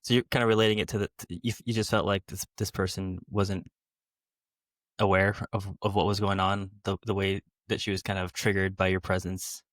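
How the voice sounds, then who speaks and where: A man co-hosting a podcast, asking soft, halting follow-up questions. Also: low voice, level tone, dry recording. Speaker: podcast co-host. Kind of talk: casual conversation.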